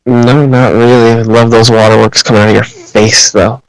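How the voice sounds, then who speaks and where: A man's voice: medium pitch, little pitch movement, normal speed, smooth, no echo, poor audio. A young man co-hosting a casual podcast, teasing and blunt in his remarks. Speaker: podcast co-host. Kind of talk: casual chat.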